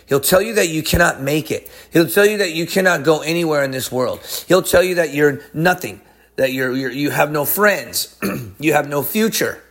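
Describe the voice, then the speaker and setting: A man preaching a sermon, emphatic, swinging between high excited lines and low hushed ones. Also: normal speed.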